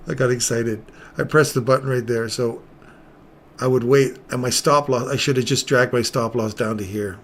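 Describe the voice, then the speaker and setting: Middle-aged male trader, mid-range voice, excitable live commentary with a self-mocking streak. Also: medium pitch, moderate pace.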